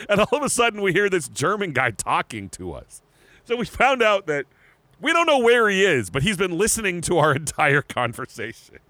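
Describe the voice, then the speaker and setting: A man co-hosting a casual podcast, telling a travel story with lots of restarts and laughter. His voice sits a bit high and swings widely in pitch. The sound is bright and dry. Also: normal speed, no room sound. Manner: animated, laughing, repeats and restarts words. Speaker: podcast co-host.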